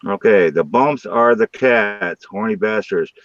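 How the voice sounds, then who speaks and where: Livestream host, male, low voice, rowdy crude banter, dull lo-fi audio. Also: a little slow, slight background noise. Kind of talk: casual live-stream chat.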